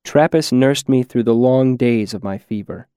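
Man, audiobook narrator, measured and quiet, mid-pitched, dry close recording. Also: clear, resonant tone, dry recording. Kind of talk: first-person audiobook narration.

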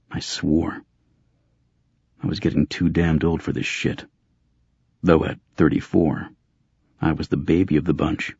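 Man, audiobook narration, very low voice, husky, dry close sound, dull muffled audio. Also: no room sound. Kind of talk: scripted first-person audiobook narration.

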